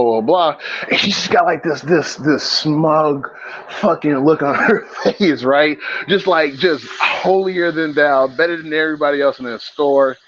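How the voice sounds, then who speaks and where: A man co-hosting a casual podcast, telling an animated, profane story and roasting a stranger between laughs. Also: on the high side, dry recording. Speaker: podcast co-host. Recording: dull lo-fi sound.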